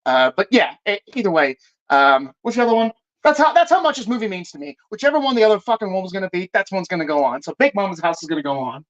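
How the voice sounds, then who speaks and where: A man's voice: high voice, animated, fast talker, fairly bright tone. Foul-mouthed rambling man, dull lo-fi sound. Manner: profane, rambling, self-interrupting. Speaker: movie review streamer. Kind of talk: casual live movie rant.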